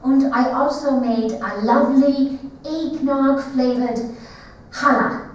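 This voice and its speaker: A woman in a one-woman stage show voicing a stubborn, warm German-Jewish mother with a German accent, lively and pleading. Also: sits high, slow pace, a little hiss or hum. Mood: exasperated. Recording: echoey theater from far off.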